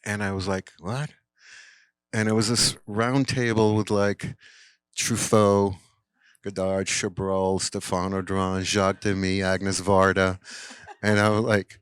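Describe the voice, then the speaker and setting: A man's voice: low voice, a little slow, clear, resonant tone, no echo. Rambling storyteller man, dry sound. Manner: rambling, animated, full of fillers and acted-out quotes. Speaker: guest filmmaker at a Q&A. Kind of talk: casual anecdote telling. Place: cinema Q&A.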